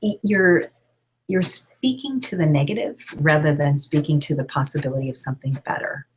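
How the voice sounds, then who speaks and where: A woman's voice: low-pitched, big pitch swings, brisk, slightly rough, low-quality recording. A middle-aged woman teaching an online class, talking casually with many fillers and restarts. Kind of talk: casual teaching, reading out questions.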